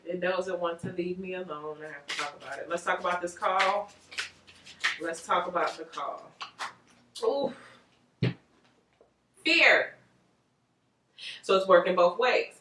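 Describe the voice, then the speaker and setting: A woman giving a casual tarot reading to viewers, animated and rambling, with frequent laughs. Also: lowish voice, unhurried, long pauses, recorded from a distance, noisy background. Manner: animated, chatty, loose and rambling, laughs often. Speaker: tarot reader. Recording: roomy echo, voice off-mic.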